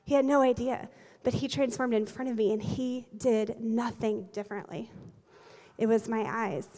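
A woman in her forties, a pastor, preaching a sermon with lively, humorous storytelling and quick laughs. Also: on the high side. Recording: long reverb of a large hall.

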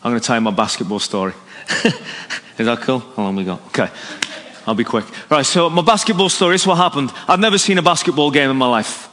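A man's voice: mid-range voice, fast. A man preaching an evangelistic sermon, telling a story and acting out its dialogue. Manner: animated, story-driven, acts out dialogue. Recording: long hall reverb.

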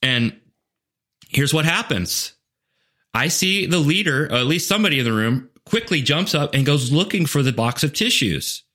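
A man's voice: a little high, lively intonation, normal speed, pushed and bright. A man speaking as a guest on a podcast interview. He is a leadership coach and talks earnestly and animatedly, with frequent "like" fillers and restarts.

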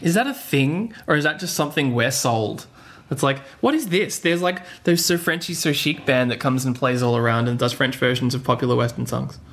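A man's voice: mid-range voice, a little fast, a bit bright, slight background noise. A man hosting a podcast, chatting playfully and laughing often. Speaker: podcast host. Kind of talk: casual chat.

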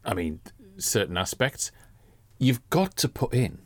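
Animated, sweary male co-host. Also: fairly low pitch, a little slow. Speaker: podcast co-host. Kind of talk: casual chat.

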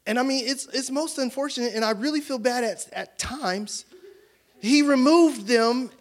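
A man preaching as a pastor in a church, telling a personal story with animated voices for each side of a conversation and laughing often as he talks. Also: very high-pitched, normal speed. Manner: animated storytelling, acting out both sides of conversations; laughs often while talking. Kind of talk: sermon.

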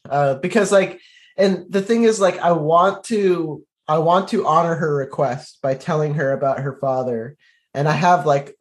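A man with a slightly high voice playing a character in a tabletop game. He talks in long, rambling runs, full of filler words and self-deprecating asides. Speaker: player. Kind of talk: casual tabletop play chat.

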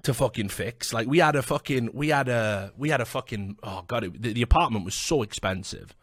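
A man's voice: mid-range voice, lively intonation, a little fast, a bit bright, no room sound, clean studio sound. A young Welsh man casually telling a story on a podcast, swearing freely, laughing and acting out the voices of the people in it. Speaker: podcast host.

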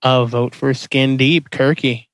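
A man hosting a casual movie podcast, excitable and profane, tripping over his words as he calls the votes. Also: medium pitch, slow. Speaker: podcast host running a movie bracket. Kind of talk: casual chat.

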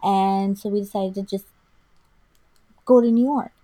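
A woman's voice: mid-range voice, steady tone, measured pace, dark tone. A young woman co-hosting a podcast, telling a story in a casual chatty way with lots of "like" and restarts. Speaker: podcast co-host.

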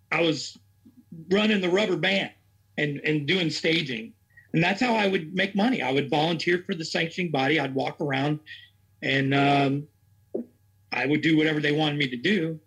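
A man's voice: a little high, a bit bright, husky. A man working as a racing chaplain, telling his story in an interview in a rambling, earnest way and acting out what others said. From Tennessee.

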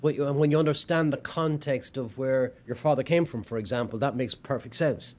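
A man's voice: medium pitch, brisk, a little mellow. A man hosting an interview, affirming his guest with short agreeing replies and asking questions. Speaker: podcast host. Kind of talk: interview conversation.

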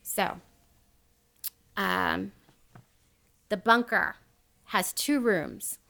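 A woman's voice: medium pitch, drawn-out words, creaky, pushed and bright. A woman hosting a casual podcast, retelling a true crime story in a chatty way and laughing often. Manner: chatty, laughs often, quotes people as she tells.

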